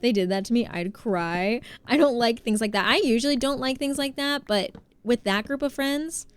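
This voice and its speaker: A woman streamer talks casually while she plays, her voice sitting a little high. She chats loosely with her viewers, laughing easily and greeting people as they arrive. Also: moderate pace, clean tone, dry recording. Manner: chatty, laughs often, greets chat. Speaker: livestreamer. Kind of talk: casual gaming stream chat.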